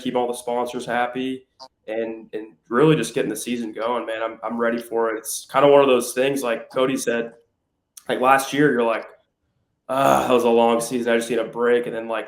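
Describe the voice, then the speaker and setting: Upbeat male angler, mid voice, roomy echo. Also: medium pitch. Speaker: pro angler guest. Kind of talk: casual podcast chat.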